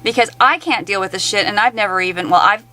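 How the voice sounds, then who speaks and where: A woman's voice: medium pitch, fast talker, bright, forceful tone, poor audio. Woman ranting bluntly and angrily. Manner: blunt, heavily profane, exasperated. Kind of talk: angry rant to camera.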